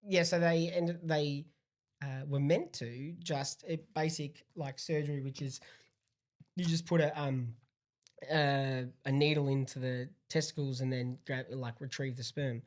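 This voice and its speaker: A young man chatting as a podcast guest, halting and pausing often with ums while he searches for words. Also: mid-range voice, fairly even intonation. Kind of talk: casual chat.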